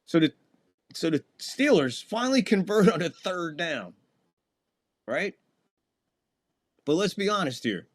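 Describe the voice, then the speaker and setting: A man's voice: fairly high pitch, sing-song, a little slow, long pauses. A man hosting a live fan stream, calling the plays of a football game and chatting casually with viewers between snaps. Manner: casual, chatty, talks to chat between plays, voice jumps up on big plays. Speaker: host and play-by-play caller. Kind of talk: live fan play-by-play commentary.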